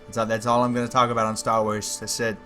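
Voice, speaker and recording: A man's voice: lowish voice, completely flat delivery, fast, pushed and bright, faint music behind. Wry, joking man streaming a game. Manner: jokey, wry asides. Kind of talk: livestream gameplay commentary, reading game text aloud.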